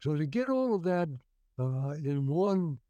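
Older male guest actor; rambling storyteller, warm dark timbre, close dry mic. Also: fairly high pitch, big pitch swings, a little slow, dry recording, highs cut off. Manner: rambling, many restarts and fillers. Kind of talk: storytelling interview.

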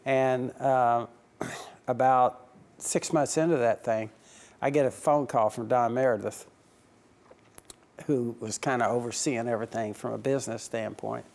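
A man's voice: mid-range voice, fairly even intonation, unhurried, vocal fry, darkish tone. A man who owns a racing team, answering interview questions with anecdotes, chuckling often and acting out old conversations. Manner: chuckling anecdotal storyteller, acts out dialogue.

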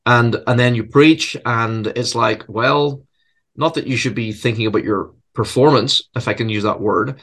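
A male preacher and seminary professor speaks in a conversational interview. His manner is earnest and reflective, lightened by self-deprecating humor, and he often repeats a word while searching for the right phrasing. His voice sits at an average pitch for a man. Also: moderate pace, a bit bright.

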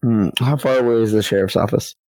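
A man playing a tabletop game talks fast, thinking out loud and sounding hesitant about what his character should do next. His voice is on the low side and a little mellow, with no echo.

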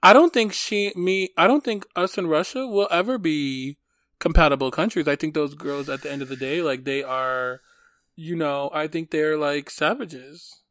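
A man co-hosting a casual chat, animated and gossipy, full of camp slang and filler words. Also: fairly high pitch, normal speed.

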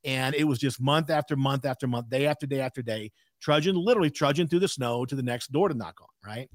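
A man's voice: medium pitch, fast talker, no echo, studio quality. A man in his sixties, a podcast guest telling a candid story in an emphatic way with frequent asides.

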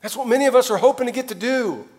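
A male pastor preaching a sermon, animated, with sudden drops to quiet and jokey asides in put-on voices. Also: very high voice, very fast.

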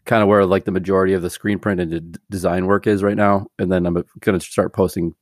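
Low-voiced rambling guest man. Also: flat delivery, fast talker, no echo, clean studio sound. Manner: hesitant, rambling, lots of "like" and restarts. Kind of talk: casual chat.

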